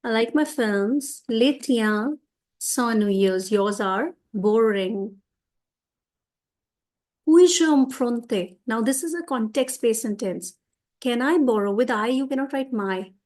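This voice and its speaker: A woman takes students through French exam questions one at a time. Her voice sits a little high and she speaks slowly and carefully. She draws out the French answers so they are easy to follow. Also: a little mellow. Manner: explains step by step, slows down on French answers. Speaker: French teacher. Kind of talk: exam revision lesson.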